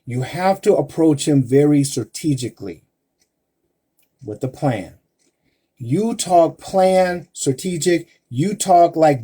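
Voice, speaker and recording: A man giving relationship advice over a live stream, his voice mellow and a little husky. He takes his time, pressing each point with emphasis and rhetorical questions aimed straight at the women listening. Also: on the high side, animated, takes it slowly. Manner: addresses women listeners directly.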